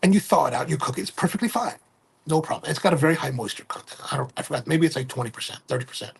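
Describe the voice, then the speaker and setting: Middle-aged male livestream host, gravelly and husky, casual rambling talker who self-corrects. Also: on the high side, animated, racing. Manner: rambling, self-correcting, keeps asking "right?". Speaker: livestream host and coffee retailer.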